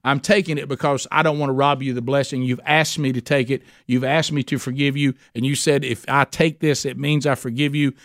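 A man's voice: medium pitch, flat delivery, brisk, hardly any pauses, no room sound, clean studio sound, close to an everyday voice. A man voicing a proud older brother who is indignant and sure of himself, speaking in a boastful, defiant way. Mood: magnanimous.

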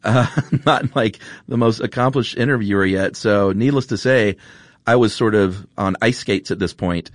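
A man's voice: lowish voice, normal speed, no echo. A middle-aged man hosting a podcast, telling a story in an earnest, rambling way with fillers, recorded in a studio. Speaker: podcast host. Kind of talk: casual storytelling monologue. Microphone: studio mic.

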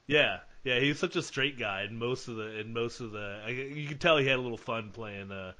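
A man co-hosting a casual podcast, talking enthusiastically and restarting his sentences often. His voice has a middle pitch with a bright, forward tone. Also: moderate pace. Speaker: podcast co-host. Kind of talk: casual chat.

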